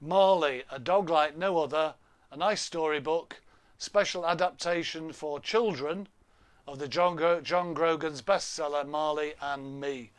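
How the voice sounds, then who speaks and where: Man host on a laptop live stream, slightly high voice, dry close sound, chatty and jokey. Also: unhurried, no room sound. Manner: chatty, jokey, reads out viewer names, laughs often. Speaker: livestream host. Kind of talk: casual live stream chat. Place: home room. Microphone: laptop webcam.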